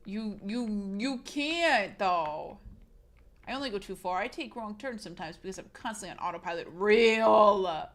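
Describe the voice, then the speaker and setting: A woman's voice: mid-range voice, lively intonation, unhurried. A woman streamer, sick, talking frankly and casually straight to her live chat.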